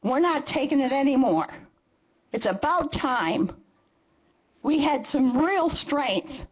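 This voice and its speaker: A woman's voice: high-pitched, lively intonation, takes it slowly, dull audio. A woman in her seventies giving impassioned public comment at a council meeting, indignant and emphatic, hammering her points by repetition. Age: 70s. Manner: indignant, emphatic, repeats phrases for force.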